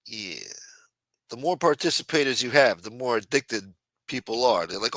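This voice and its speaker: A man's voice: mid-range voice, lively intonation, normal speed, pushed and bright, no room sound. A man hosting a livestream, chatting casually and profanely to his chat and acting out quotes as he retells stories. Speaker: livestream host.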